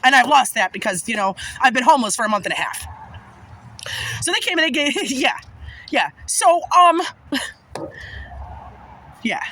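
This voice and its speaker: A woman's voice: sits high, sing-song, a little slow, pauses often, bright, forceful tone, a little hiss or hum, low-quality recording. A woman telling a personal story in casual monologue, agitated and emphatic, swearing often.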